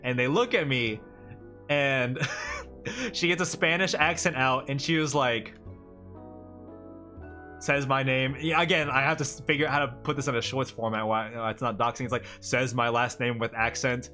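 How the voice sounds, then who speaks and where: A man's voice: a little high, lively intonation, normal speed, bright, forceful tone, faint music behind. A man chatting casually on a livestream as a streamer, rambling and talking a lot, often laughing between thoughts.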